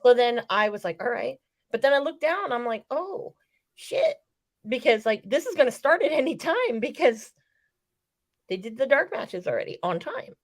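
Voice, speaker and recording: A woman's voice: on the high side, sing-song, moderate pace. A woman in casual podcast chat, telling a story with profanity and acting out the quotes. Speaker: wrestling podcast co-host.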